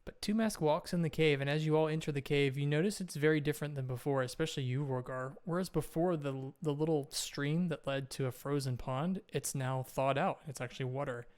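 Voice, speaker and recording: A man's voice: fairly high pitch, fairly quick, few pauses, a little mellow. A man narrating a tabletop game as game master in an easygoing, descriptive way.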